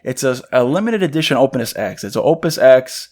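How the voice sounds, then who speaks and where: Excited young man telling a story. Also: mid-range voice, a little fast. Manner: rambling, excited storyteller who acts out quoted voices. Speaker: podcast co-host. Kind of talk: casual chat.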